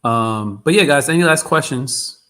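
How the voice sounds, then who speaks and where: A man's voice: medium pitch, lively intonation, normal speed, sharp tone. A man hosting a live trading stream, chatting loosely and often repeating himself. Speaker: trading livestream host. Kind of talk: casual live-stream chat.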